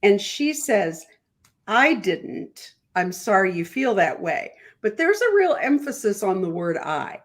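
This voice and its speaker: Lady lawyer talking slow on a podcast, careful, explains with analogies. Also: mid-range voice, big pitch swings. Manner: measured, explains with analogies, some stammered restarts. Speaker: attorney guest. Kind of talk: legal commentary on a podcast.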